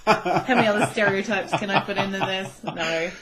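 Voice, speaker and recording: A woman's voice: medium pitch, fairly even intonation, brisk, a loud crowd. Woman co-host, casual chat, short dry interjections. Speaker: podcast co-host.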